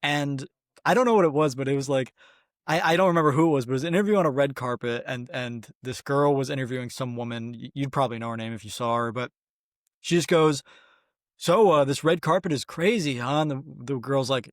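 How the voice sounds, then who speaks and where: A man's voice: mid-range voice, fast, no echo, studio quality. A man co-hosting a casual film podcast, telling stories in a loose, laid-back way with lots of "like". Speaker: podcast co-host.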